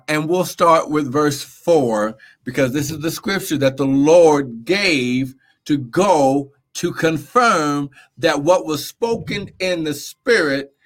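A man preaching in a live Bible teaching, reading scripture, repeating words and calling for amens. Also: a little high. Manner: animated, repeats words, asks amen.

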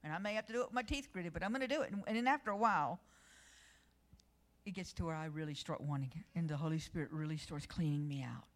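A woman's voice: low-pitched, fast talker. A woman giving a midweek church devotional, earnest and conversational, telling personal stories and reading scripture aloud. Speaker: church speaker.

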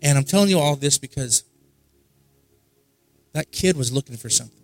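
A man's voice: medium pitch, expressive, moderate pace, darkish tone, faint music behind. A man preaching at a worship service. He tells a story in a casual, conversational way and often repeats himself for emphasis. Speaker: pastor. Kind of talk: sermon. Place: church service.

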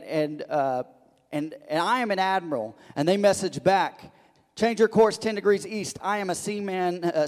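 Man preaching in a reverberant hall. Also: high-pitched. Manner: animated, swings between loud emphasis and soft hushed lines; frequent repetitions and restarts. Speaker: pastor. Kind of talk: sermon. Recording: long reverb of a large hall.

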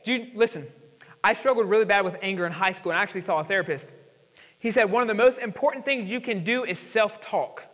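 A young male pastor with a high-pitched voice delivers a sermon, peppering it with casual slang and slowing down to read scripture with weight. His voice rings out in a hall with a long reverb. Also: fairly bright tone.

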